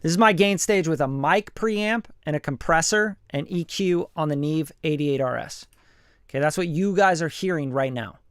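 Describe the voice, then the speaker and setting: A man walks through his studio vocal setup in a loose, chatty way, with a smooth and resonant tone sitting a touch higher than most men's. His voice comes close and dry through a studio mic, with no room around it. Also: moderate pace, fairly bright tone, dry recording. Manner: loose, conversational, repeats mic checks, occasional swearing. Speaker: studio engineer and host. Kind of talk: casual hands-on studio demo. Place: home recording studio. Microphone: studio vocal mic through preamp and compressor.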